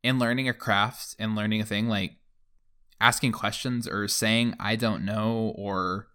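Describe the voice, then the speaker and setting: A man's voice: lowish voice, steady tone, a little slow, pushed and bright, smooth. A young man hosting a podcast in casual chat, rambling with many fillers. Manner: rambling, lots of fillers like "like" and "you know". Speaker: podcast host.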